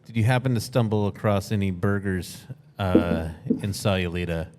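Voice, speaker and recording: A man's voice: sits low, normal speed, darkish tone, slight background noise. A man who is the podcast host, moving the chat along with joking, self-aware segues. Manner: steers talk with self-mocking segues. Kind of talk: casual chat. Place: brewery taproom.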